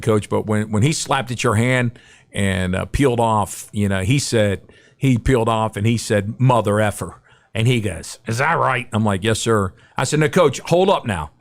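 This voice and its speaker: Lively middle-aged man telling stories. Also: fairly low pitch, gravelly. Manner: animated anecdote-telling with acted quotes. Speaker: guest broadcaster. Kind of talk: storytelling in a podcast interview.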